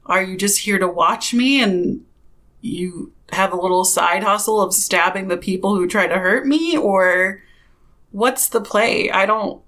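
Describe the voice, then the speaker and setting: A woman's voice: medium pitch, measured pace, a bit bright, lightly acted. A woman playing a blunt, pushy adventurer.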